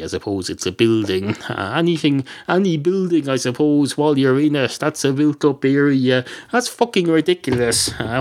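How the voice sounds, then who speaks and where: A man's voice: mid-range voice, lightly acted. An Irish man doing a swearing night clerk. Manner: exasperated, swearing, hesitant. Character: foul-mouthed grumpy night-shift counter man.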